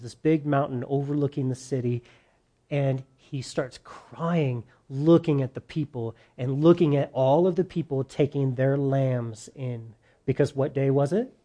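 Animated preacher man, mellow tone. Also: medium pitch. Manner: animated, rising loud on points. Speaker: pastor. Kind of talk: sermon.

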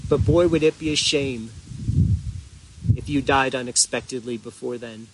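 A man preaching a sermon as pastor, earnest and deliberate, with drawn-out pauses for emphasis. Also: medium pitch, background noise.

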